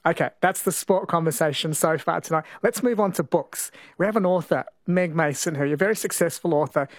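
A man from New Zealand hosting a radio show in a relaxed, conversational way, rephrasing as he goes, speaking into a studio microphone. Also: fairly high pitch, brisk, dry recording. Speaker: radio host. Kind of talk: casual radio chat.

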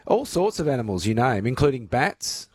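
A man hosting a talk radio show from a studio, relaxed and dotted with uhs. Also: medium pitch, moderate pace, slightly rough, dry recording. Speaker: radio host. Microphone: close studio mic.

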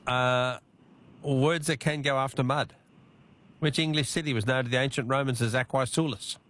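A man's voice: mid-range voice, steady tone, normal speed, a bit bright. Chatty Australian radio quiz host man. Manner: chatty, laughs often with callers.

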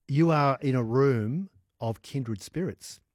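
A man's voice: medium pitch, no echo, clean studio sound. Chatty man hosting radio. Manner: chatty, warm interviewer with quick reactions. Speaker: radio host. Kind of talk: casual studio interview. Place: radio studio. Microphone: studio mic.

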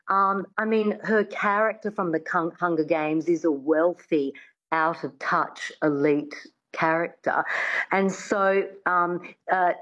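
A woman accent coach, a guest on a radio show, explains things in a measured way with occasional ums. Her voice sits a little low and comes through a dull, lo-fi line. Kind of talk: radio interview.

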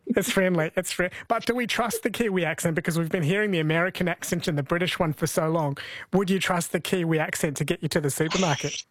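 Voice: mid-range voice, fast, dry recording. A radio host interviewing a correspondent, asking playful, teasing questions.

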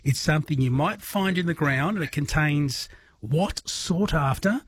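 An Australian man hosting a late-night talkback radio quiz, chatty and quick to laugh. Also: a little high, breathy edge, dry recording. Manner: chatty, laughs easily, repeats phone number. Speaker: radio host.

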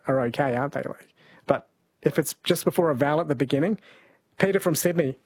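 A New man hosting a radio quiz, chatty and quick to laugh as he reads listener texts. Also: a little high, darkish tone, no echo. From New Zealand. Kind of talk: casual radio chat. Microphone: studio microphone.

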